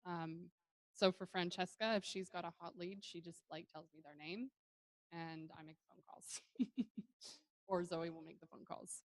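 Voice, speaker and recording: An American woman walking through event follow-up tasks in a casual, instructional way, chatty and relaxed and quick to laugh. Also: on the low side, dry recording, rough recording. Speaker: workshop presenter.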